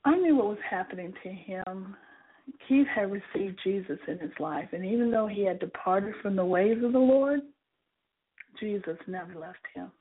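A woman reading her own memoir aloud in an earnest storytelling manner, with a husky voice and tinny phone-like sound. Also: mid-range voice, lively intonation, moderate pace. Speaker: author reading her book.

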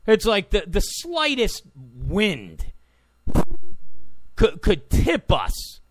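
A man's voice: sits high, wildly swooping pitch, extremely slow. A man giving a heated political rant, repeating his points with sarcastic asides. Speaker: political commentator.

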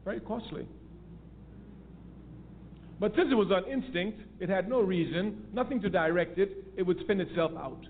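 High-voiced man lecturing over a phone line. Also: moderate pace, long pauses. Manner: emphatic, repeats key phrases for stress. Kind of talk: political lecture. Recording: tinny phone-line audio with faint noise.

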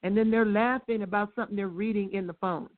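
A woman teaching on a religious talk show, emphatic and fond of rhetorical questions, with her stresses rising close to shouting. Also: medium pitch, steady tone, fast. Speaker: guest speaker. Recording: tinny phone line.

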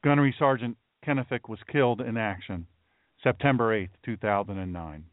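Solemn talk radio host, phone-like sound. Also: male voice, fairly low pitch, brisk, no room sound. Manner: solemn, emphatic, repeats phrases for weight. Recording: dry, narrow phone-like sound.

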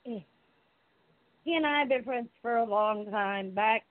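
A woman's voice: fairly high pitch, slow. A woman with a Southern US accent, a wrestling manager, talking in a flirty, playful way during a casual interview. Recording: phone-like narrow sound.

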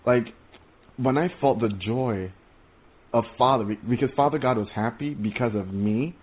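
A man's voice: mid-range voice, normal speed. Earnest stammering preacher man, tinny sound. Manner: rambling, stammering restarts, earnest and excitable. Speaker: preacher sharing visions. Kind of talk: informal testimony sermon. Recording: tinny phone-like audio.

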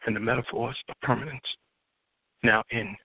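A man's voice: medium pitch, steady tone, normal speed, husky, dry recording. Dramatic spoken word poet, man. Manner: rhythmic, dramatic delivery with swelling emphasis. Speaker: guest poet. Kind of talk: spoken word poetry performance. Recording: tinny phone-like line.

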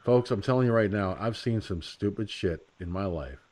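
A man hosting a casual radio talk show, blunt and profane, rambling and slipping into quick impressions. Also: lowish voice, a little mellow. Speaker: host.

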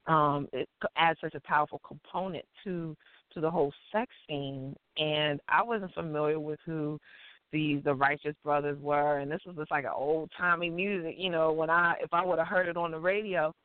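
A woman's voice: low voice, steady tone, normal speed, clear, resonant tone, no echo. Giggly woman host on a tinny phone line. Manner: giggly and playful, many fillers. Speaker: radio talk show host. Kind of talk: casual call-in show chat. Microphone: phone call.

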